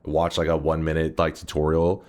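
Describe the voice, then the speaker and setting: A man's voice: a bass voice, completely flat delivery, moderate pace, darkish tone. A man streaming, telling a rambling, profane story in casual chat. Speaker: gaming streamer.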